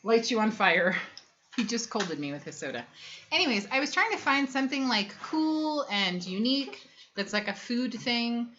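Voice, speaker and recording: A woman in her thirties rambles through viewer comments on a casual family livestream she co-hosts, filling gaps with lots of ums. Her slightly high voice swings widely in pitch, sounds pushed and bright at a normal pace, and the dull lo-fi audio has slight background noise.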